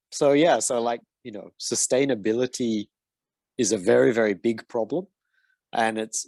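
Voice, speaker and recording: Man, design mentor, casual Q&A, slightly low voice, dry recording. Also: a little mellow, no echo. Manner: hesitant, lots of fillers and restarts. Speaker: design mentor answering questions. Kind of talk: casual Q&A in an online session.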